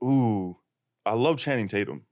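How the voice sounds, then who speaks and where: With a smooth, low voice, a laid-back young podcast host talks in an unhurried, casual way. He laughs easily and speaks in loose, relaxed stretches. The recording is close and dry, free of any room sound.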